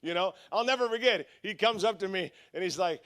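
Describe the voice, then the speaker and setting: A male pastor preaching a conference sermon, telling a story with lively, animated delivery and acted-out voices. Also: high-pitched, brisk, clear, resonant tone.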